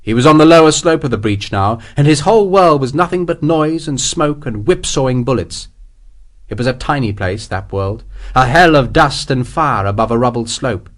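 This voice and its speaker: A man reading an audiobook as its narrator in a dramatic, vivid way. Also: medium pitch. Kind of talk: scripted narration.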